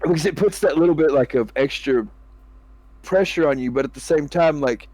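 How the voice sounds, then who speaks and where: A man's voice: a little high, normal speed, darkish tone, no room sound. A man hosting a casual gaming chat, laughing often, swearing freely and acting out what he would say to his teammates. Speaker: podcast host and gamer.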